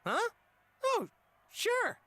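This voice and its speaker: A man's voice: very high voice, wildly swooping pitch, drawn-out words, pushed and bright, exaggerated voice. An actor playing a cheerful, easygoing young male fighter in a video game. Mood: friendly. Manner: casual, friendly, carefree. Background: game music.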